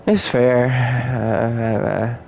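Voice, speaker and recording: A man's voice: mid-range voice, little pitch movement, extremely slow, vocal fry, dull audio, faint music behind. A young man giving casual, playful commentary while playing a video game and talking to his viewers. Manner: chatty, playful, talks to viewers. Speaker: gameplay streamer.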